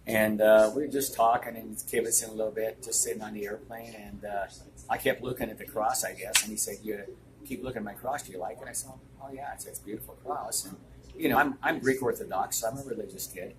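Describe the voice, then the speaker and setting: A man's voice: lowish voice, fairly even intonation, quick pace. An older man who runs a restaurant, telling anecdotes to an interviewer in a rambling way, full of fillers. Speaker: restaurant owner. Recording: noisy room ambience.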